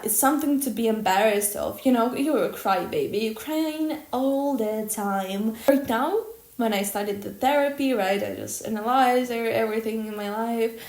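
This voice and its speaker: A young woman records a personal vlog monologue in an echoey room, her voice a little high. She's loud, blunt and expressive, swearing freely.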